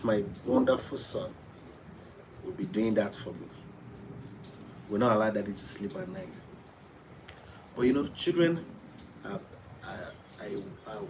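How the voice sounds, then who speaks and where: A man's voice: on the low side, background noise. A man chatting casually on a live stream, playfully coaxing his son and greeting viewers, often repeating himself.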